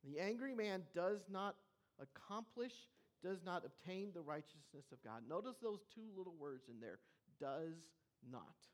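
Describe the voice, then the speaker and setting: A preacher delivering a sermon in an earnest, emphatic manner, slowing down and pausing on key words. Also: mid-range voice, expressive. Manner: earnest, emphatic, with slow weighty pauses.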